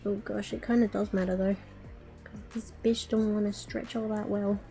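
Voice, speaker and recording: A woman's voice: medium pitch, little pitch movement, normal speed, gravelly, mellow, soft background music. A woman streamer chatting casually to her viewers while she crafts, muttering to herself with playful baby-talk words.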